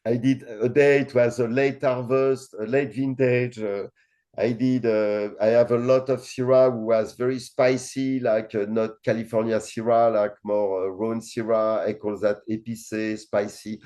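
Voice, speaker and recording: A man's voice: mid-range voice, level tone, measured pace, dark tone. A middle-aged man from France with a French accent, a winemaker guest talking casually with many fillers and blunt swearing. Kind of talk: casual interview chat.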